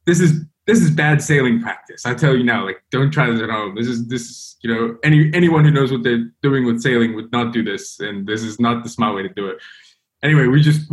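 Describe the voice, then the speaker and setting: Young male guest, rambling casual storyteller, mid-pitched voice. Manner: rambling, full of "like" and "you know".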